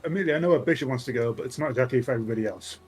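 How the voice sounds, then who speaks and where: A man's voice: medium pitch, racing, a little mellow, soft background music. Joking, swearing man at a game table. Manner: joking, swears, laughs a lot. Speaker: player. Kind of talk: casual tabletop role-play.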